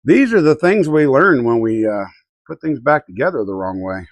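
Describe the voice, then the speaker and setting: A man's voice: medium pitch, expressive, moderate pace, dry recording. Chatty man streaming from his workshop. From Colorado. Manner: muttering to himself, reading chat aloud. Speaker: livestream host. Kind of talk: casual live-stream chat while working.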